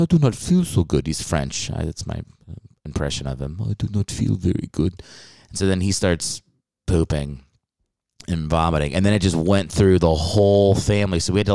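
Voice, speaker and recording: Deep-voiced man rambling on a podcast. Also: darkish tone, clear, resonant tone, dry recording, studio quality. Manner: rambling, jokey and profane. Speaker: podcast host. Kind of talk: casual solo podcast chat.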